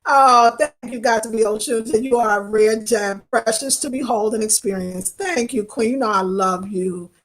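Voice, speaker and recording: New York woman vlogger, higher voice, expressive, talks straight to viewers. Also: moderate pace, few pauses. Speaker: travel vlogger. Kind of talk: casual live-stream chat reading comments.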